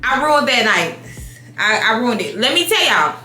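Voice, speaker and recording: A woman in her thirties telling a casual storytime while doing her makeup, animated, swearing, restarting her sentences. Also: fairly high pitch, normal speed, reverberant, faint music behind. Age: 30s. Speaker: beauty vlogger. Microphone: compact camera mic.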